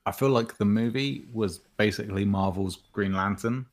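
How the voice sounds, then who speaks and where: A man's voice: fairly low pitch, moderate pace. A man on a casual podcast, giving blunt, opinionated takes and swearing freely. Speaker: podcast co-host. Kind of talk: casual chat.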